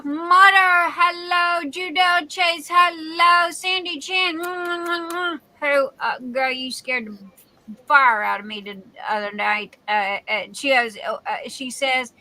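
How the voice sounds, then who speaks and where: High bright Southern woman hosting a stream. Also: steady tone, takes it slowly, low-quality recording. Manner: chatty, greets viewers one by one with endearments. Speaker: live-stream host. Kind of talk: casual live-stream chat.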